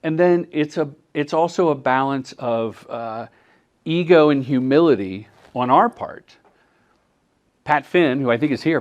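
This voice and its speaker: A man's voice: medium pitch, a little slow. A middle-aged man presenting a workshop on commercial directing, answering audience questions and acting out dialogue. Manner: animated, acts out quoted dialogue in voices. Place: workshop room at a film festival.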